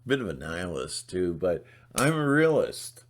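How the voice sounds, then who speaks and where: A man's voice: sits low, big pitch swings, normal speed. A middle-aged man ranting in a blunt, sarcastic monologue, rambling with restarts and putting on mocking voices. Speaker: channel host.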